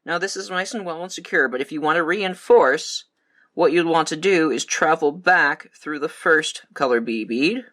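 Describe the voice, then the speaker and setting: A man giving a calm, methodical step-by-step beading tutorial. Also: a little high, moderate pace. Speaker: beading instructor.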